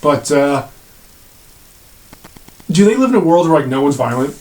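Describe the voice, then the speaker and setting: A man's voice: fairly high pitch, very animated, moderate pace, darkish tone. A man giving blunt, sarcastic commentary to camera, swearing freely as he rants. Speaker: video commentator.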